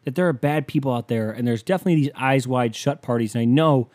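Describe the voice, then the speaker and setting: A man's voice: mid-range voice, quick pace, a little mellow. Profane ranting man on a podcast. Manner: profane, heated, sarcastic; rambling storytelling with filler words. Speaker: podcast host. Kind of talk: casual ranting monologue.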